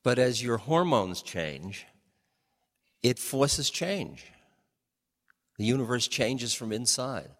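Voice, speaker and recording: An older man giving a relaxed storytelling talk, chuckling often and shifting his pace, recorded in a hall with long reverb. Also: mid-range voice, takes it slowly, pauses often. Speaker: speaker on change and spirituality.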